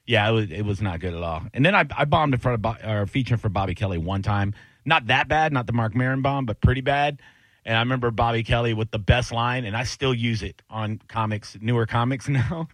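A man hosting a radio show, chatting casually and telling stories with lively acted-out quotes. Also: medium pitch, fairly quick, dry recording. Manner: animated storyteller, acts out quotes in other voices. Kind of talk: casual chat.

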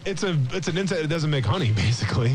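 A man from Iowa co-hosting a sports radio show, laid-back but easily excited in casual banter. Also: on the high side, racing, over music.

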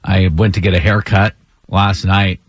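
A man's voice: low-pitched, moderate pace, husky, no echo. A man hosting a morning radio show in a studio, telling stories in casual banter and acting out the voices of people he quotes. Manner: animated storyteller, acts out quoted voices.

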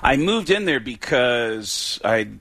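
A man's voice: mid-range voice, very animated, slow, bright, forceful tone. A man, a comedian guest, telling stories in a rambling, stammering way and laughing mid-story. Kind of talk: casual storytelling chat.

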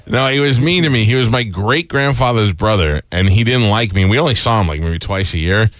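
Low-voiced man telling animated stories. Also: brisk, no echo. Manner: animated storyteller acting out quoted voices. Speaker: radio host. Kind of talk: casual radio chat.

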